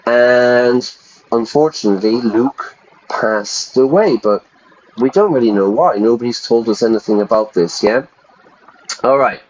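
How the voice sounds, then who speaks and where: A man's voice: mid-range voice, unhurried, a little mellow, dull audio. A man teaching English in a casual livestream from home, chatting with viewers as he reads through notes. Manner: chatty, talks to viewers in chat. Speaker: English teacher streaming a game.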